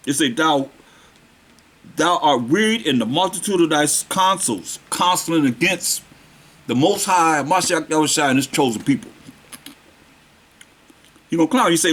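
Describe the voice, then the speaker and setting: Animated man preaching from scripture. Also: on the high side. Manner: reads verses in old-style phrasing, then restates them in street talk; slows down to stress the verses. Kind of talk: scripture teaching.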